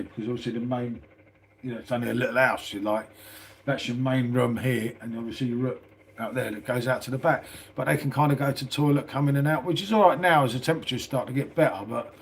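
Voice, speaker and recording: A man's voice: medium pitch, slight background noise. A middle-aged man with a southern English accent, chatting casually on a live stream from a small house, saying "mate" a lot and swearing freely. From England.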